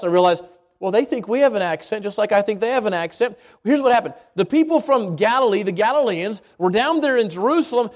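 A man from Albuquerque preaching a sermon at a church service, moving between quick asides and slow, emphatic lines. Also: high voice. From Albuquerque, New Mexico. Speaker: pastor.

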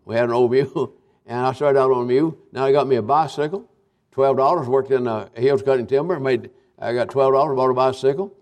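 A man's voice: mid-range voice, brisk, a little mellow. Older kentucky preacher guy, folksy, repeats himself a lot, lots of uh's. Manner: folksy, repetitive, with restarts and fillers. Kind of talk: revival sermon.

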